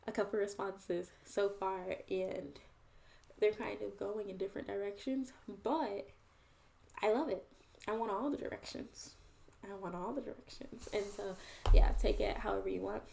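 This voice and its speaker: Earnest woman with a gravelly, mellow voice. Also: medium pitch. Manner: earnest and reflective, chatty, addresses viewers as y'all. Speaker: host and poet. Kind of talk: casual vlog monologue to viewers.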